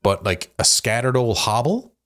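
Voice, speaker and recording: A young man from Newfoundland with a mild Newfoundland accent, hosting a relaxed interview chat and often tagging lines with "right?". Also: medium pitch, normal speed. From Newfoundland, Canada. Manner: relaxed, says "right?" and "you know" often. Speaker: podcast host.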